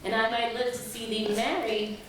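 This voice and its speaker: A woman's voice: fairly high pitch, little pitch movement, moderate pace, a bit bright, a little hiss or hum, natural voice. A woman playing a chattering old nurse who rambles and laughs often, in a stage play. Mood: giggling. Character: chattering old female nurse, bawdy and fond. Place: theater stage. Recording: echoey stage miked from far off.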